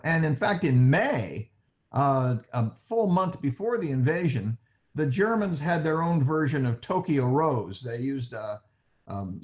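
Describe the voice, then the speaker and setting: A man's voice: mid-range voice, a little mellow. A man speaking as a historian on a panel, explaining with animation. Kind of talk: panel discussion.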